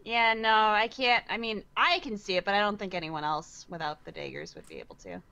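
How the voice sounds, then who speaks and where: A woman's voice: medium pitch, expressive, fairly quick, creaky, pushed and bright, clear, resonant tone, lo-fi sound. A woman playing in a tabletop game, chatting playfully with the group. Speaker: player. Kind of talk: casual tabletop play.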